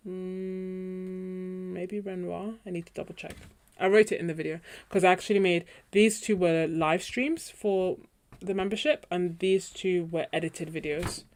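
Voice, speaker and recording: A woman's voice: on the low side, fairly even intonation, unhurried. A woman who hosts an art livestream, chatting casually with viewers in a meandering way and often trailing off while she searches for names. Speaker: artist hosting a painting livestream. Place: home studio, indoors.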